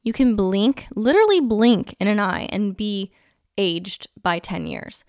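A woman's voice: medium pitch, lively intonation, a little slow, a little mellow, no room sound, clean studio sound. A woman in her thirties hosting a casual solo podcast, chatty and nostalgic, with lots of "like" fillers. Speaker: podcast host.

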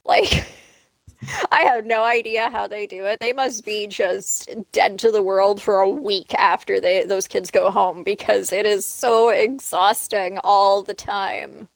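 A woman's voice: medium pitch, measured pace, gravelly, no echo, low-quality recording. A woman in her late thirties co-hosting a casual podcast chat, talking candidly and conversationally. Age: 30s. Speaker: podcast co-host.

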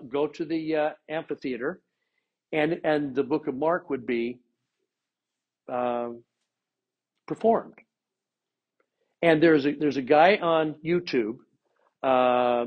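A man teaching an informal scripture class, animated and lively, acting out quotes with plenty of voice inflection. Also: on the high side, breathy edge, dull audio.

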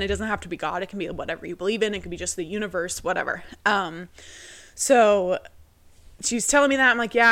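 A young woman on a podcast, rambling through a family story with plenty of fillers and quick impressions of her relatives. Her voice sits at an ordinary pitch and sounds close and dry, with no room around it. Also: pushed and bright, dry recording. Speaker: podcast co-host. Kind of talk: casual personal storytelling.

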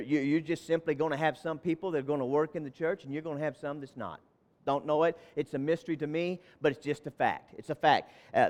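High-voiced pastor preaching a fervent sermon. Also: male voice. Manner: repeats words and phrases, swings from loud to quiet; fervent exclamations.

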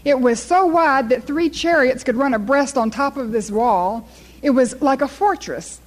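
Woman preacher, high voice, lively sermon storyteller. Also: unhurried, low-quality recording.

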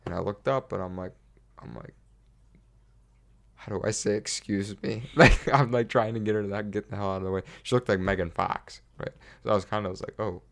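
A man's voice: lowish voice, steady tone, fast, vocal fry. An American man co-hosting a podcast, chatting casually in a rambling way with restarts and laughs. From United States. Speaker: podcast co-host. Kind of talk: casual chat.

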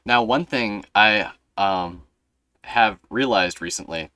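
Low, forceful young man chatting. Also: slow pace, smooth, no echo. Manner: rambling, animated storytelling with many fillers. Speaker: podcast host. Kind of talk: casual podcast chat.

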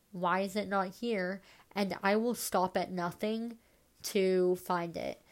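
A woman hosting a solo podcast, a bit stuffed up and nasal, rambling casually with lots of "like"s and self-deprecating asides. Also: lowish voice. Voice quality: nasal from congestion. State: stuffed up, congested. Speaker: podcast host.

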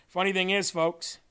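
A man's voice: high-pitched, smooth. A man hosting a faith show, telling a story in sermon style and acting out the dialogue of its people. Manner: animated, acts out dialogue in a story. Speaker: host and preacher.

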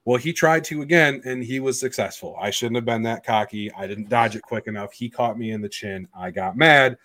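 A young man hosting a podcast, telling a story in a blunt, profane, animated way. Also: mid-range voice, brisk. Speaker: podcast host. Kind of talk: casual storytelling chat.

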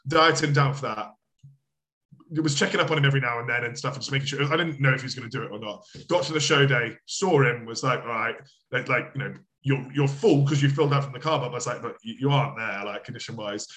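A man talks as a guest in a relaxed interview, his voice sitting in an ordinary middle register. He rambles through stories, leans on filler words and drops casual swear words as he goes. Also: medium pitch, quick pace. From United Kingdom. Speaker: bodybuilding coach, guest.

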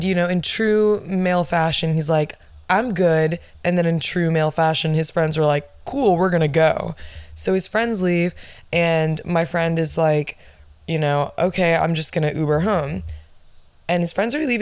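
A woman's voice: lowish voice, normal speed, darkish tone, no room sound. A woman, hosting a casual podcast and telling a story in a chatty, profane way full of "like". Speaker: podcast host. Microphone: phone with pop filter.

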